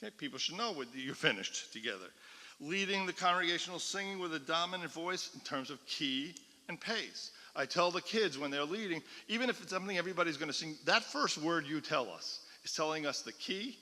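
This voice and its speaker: A cantor's bright, forceful voice, a little high, comes across animated and fairly quick as he teaches a class. He explains in lecture fashion and keeps checking in with his listeners, and the synagogue classroom or hall gives a long reverb.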